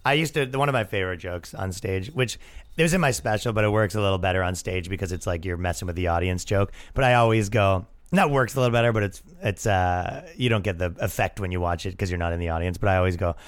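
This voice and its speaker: A male comedian and podcast host riffing in a casual comedic monologue, animated and quick to slip into voices. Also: deep voice.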